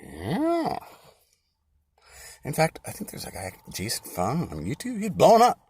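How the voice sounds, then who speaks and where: A man preaching an informal sermon, his very breathy, husky voice often sinking to a whisper. His pitch swings wildly as he lurches from secretive murmurs to loud, sarcastic exclamations, in a mocking, conspiratorial tone. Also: huge pitch swings, unhurried. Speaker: self-made online preacher.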